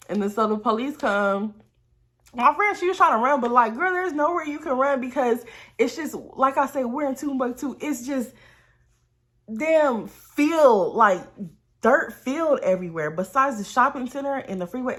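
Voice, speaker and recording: A woman telling a storytime to her viewers in a casual, animated way, swearing and calling them y'all. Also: mid-range voice. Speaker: storytime vlogger.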